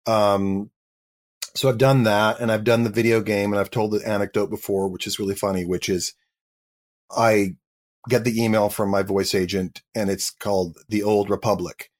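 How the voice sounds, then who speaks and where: Speaking at a moderate pace in a voice on the low side, a middle-aged actor entertains an interview show with a funny story. He animatedly acts out the dialogue of everyone in it.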